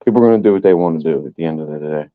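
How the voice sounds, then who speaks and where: A man's voice: extremely low pitch, very fast, phone-quality sound. A man, angrily ranting on a live stream as a sports fan and swearing often. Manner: angry, profane ranting.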